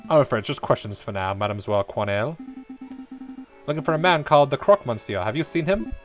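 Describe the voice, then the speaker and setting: A man's voice: mid-range voice, expressive, quick pace, soft background music, close to an everyday voice. A man reading a polite falcon lawyer. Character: polite falcon attorney, male bird.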